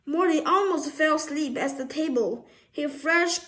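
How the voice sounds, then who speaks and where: A woman's voice: high-pitched, a little slow, a bit bright. A woman reading a children's storybook aloud, often stumbling and restarting words.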